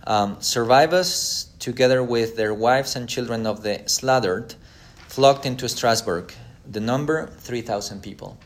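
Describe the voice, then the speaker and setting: A man's voice: medium pitch, a little slow. A man giving a history lecture: he reads an old letter aloud, then retells the story casually with acted-out quotes.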